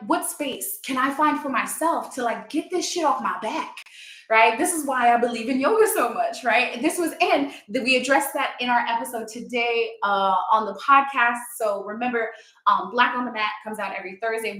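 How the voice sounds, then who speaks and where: A chatty, encouraging woman gives a casual motivational talk with plenty of fillers. Her voice sits a little high. The room around her is echoey. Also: fairly bright tone. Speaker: yoga teacher and confidence coach.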